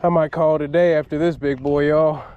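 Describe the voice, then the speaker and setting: A man, excitedly narrating his own fishing vlog from a kayak on a river at night, often exclaiming and laughing. He is recorded on an action camera. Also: on the high side, brisk, phone-quality sound, a little hiss or hum. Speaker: fishing vlogger. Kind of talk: excited outdoor vlog commentary.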